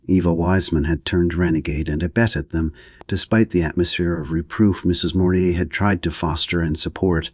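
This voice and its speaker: A man narrating an audiobook of a novel in a steady, even reading. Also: low-pitched, normal speed, slightly rough, no room sound, clean studio sound. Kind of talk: scripted narration.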